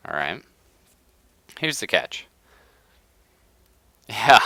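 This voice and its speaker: A young man live-streaming a strategy game, hoarse from being sick, ranting in casual chat and laughing often. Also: deep voice, expressive, moderate pace, sharp tone, no room sound. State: hoarse from illness. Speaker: livestreamer.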